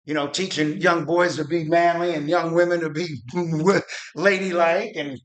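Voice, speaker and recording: A man's voice: a little high, fairly even intonation, moderate pace. A middle-aged man from Arizona, hosting his show in a fired-up, profane political rant that rambles and restarts. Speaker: podcast host.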